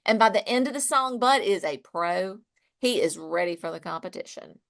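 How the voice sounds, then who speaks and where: A woman co-hosting a podcast in casual chat, reacting quickly and asking questions. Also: mid-range voice, lively intonation, vocal fry, a bit bright. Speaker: podcast co-host.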